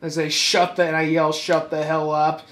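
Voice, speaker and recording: A young man co-hosting a podcast, telling stories in casual chat and breaking into shouted impressions. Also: on the high side, normal speed, roomy sound. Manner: animated storytelling with shouted impressions. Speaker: podcast co-host.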